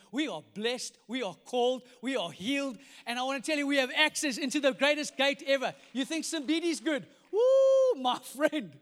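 A man preaching a sermon in a large church, energetic and jokey, acting out little voices in his stories. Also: very high-pitched. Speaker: pastor. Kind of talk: sermon with comic storytelling. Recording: reverberant church hall.

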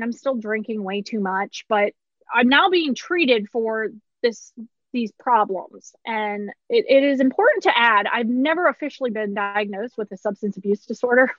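A woman's voice: on the high side, fairly bright tone, no echo, muffled recording. A woman in her thirties, a pharmacist, candidly telling a personal story with short laughs through hard moments.

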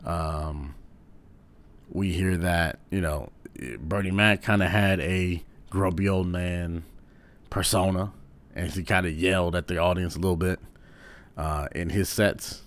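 Low-voiced man musing, full of "um"s. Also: fairly even intonation, a little slow. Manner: rambling, with frequent "um"s. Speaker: commentator. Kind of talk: casual commentary.

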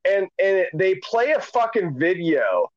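Lively, high-voiced laughing man. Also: a little slow, dry recording, dull audio. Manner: profane, laughing storyteller. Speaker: podcast guest. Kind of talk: casual chat.

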